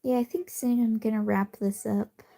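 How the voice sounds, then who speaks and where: A woman chatting casually on a late-night phone livestream from her bed, rambling and self-deprecating, sometimes dropping to a soft whisper. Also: fairly high pitch, fairly even intonation, moderate pace, vocal fry. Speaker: streamer. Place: cozy bedroom at night.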